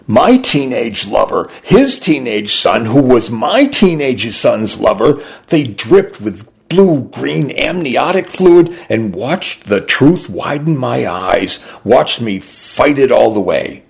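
A man reading a literary short story aloud for a radio program, slow, deliberate and expressive. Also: mid-range voice, vocal fry, breathy edge.

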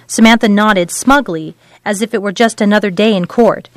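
A woman narrating a novel in an even, measured storytelling read. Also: medium pitch. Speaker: audiobook narrator. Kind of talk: scripted narration.

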